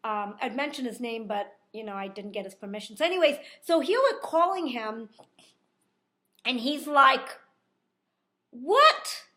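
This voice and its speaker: Woman vlogger, high voice, animated storyteller, chatty with lots of fillers. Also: normal speed. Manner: animated, laughing, with many fillers. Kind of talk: casual storytelling.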